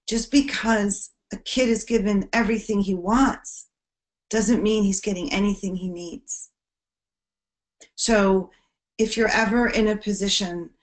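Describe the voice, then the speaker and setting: Teachers hear an earnest educational presentation on preventing bullying from a woman with a fairly low-pitched voice, who goes soft when the subject turns serious.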